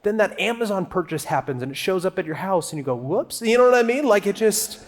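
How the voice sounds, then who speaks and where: A man preaching a conversational sermon to a church crowd, animated and joking as he talks to them. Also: high-pitched, fast talker. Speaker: guest preacher. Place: church auditorium.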